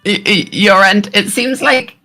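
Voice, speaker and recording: A woman streamer chatting casually, halting and repeating words, laughing often. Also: mid-range voice, pushed and bright, faint music behind. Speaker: streamer and collab guest.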